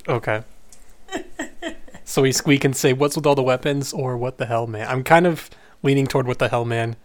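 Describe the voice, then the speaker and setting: A man with a mid-pitched voice reads game narration aloud in a close, dry recording with no room sound. He lays out each dialogue choice in turn, in a plain, easygoing manner among friends. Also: steady tone, moderate pace, no room sound. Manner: reads narration plainly, then lists options. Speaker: player reading the game aloud. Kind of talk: reading game text and weighing choices.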